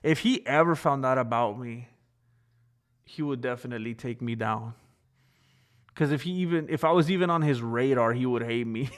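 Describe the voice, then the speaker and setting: Chatting straight to his viewers on a live stream, this man laughs easily and lets his thoughts drift in a loose, rambling way. His voice sits at an ordinary middle pitch, moving at a normal speed with long pauses.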